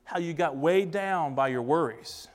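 A man's voice: on the high side, a little slow. A man preaching a sermon, speaking emphatically and posing rhetorical questions to the congregation. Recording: long reverb of a large hall.

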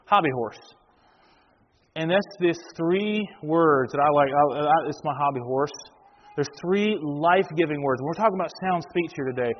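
A man preaching to his congregation in a slightly high voice. He keeps it conversational, asks the room questions and repeats his words as he works through a point. The recording is muffled, with a long hall reverb. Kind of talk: sermon.

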